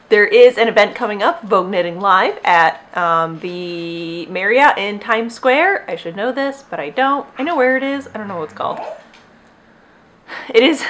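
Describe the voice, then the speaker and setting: A woman's voice: medium pitch, fairly bright tone, a little hiss or hum. A young woman hosting a knitting podcast at home, chatting casually and rambling, often breaking off to talk to her dog. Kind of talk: casual chat. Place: at home with dogs.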